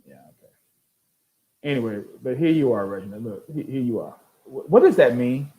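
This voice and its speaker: An older male host reads online comments aloud and answers them with exasperated sarcasm, repeating words in quick restarts. His voice is medium-pitched, expressive and warm, on a rough recording.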